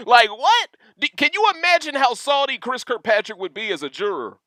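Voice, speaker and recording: A young man hosting a casual livestream rant, reading chat questions aloud and talking in an animated, slangy way full of asides. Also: very high voice, moderate pace, dry recording, studio quality. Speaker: livestream host.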